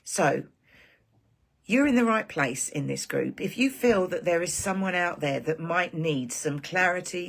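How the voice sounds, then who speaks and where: A woman's voice: lowish voice, expressive, a little slow, vocal fry. A woman hosting a live stream for her group, talking in a rambling, heartfelt casual chat.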